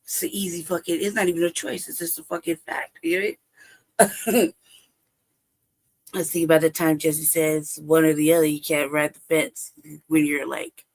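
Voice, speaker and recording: A woman's voice: sits low, fairly even intonation, moderate pace, long pauses. A woman hosting a live stream, telling a personal story in casual, profane talk, often laughing and acting out past exchanges. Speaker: livestream host.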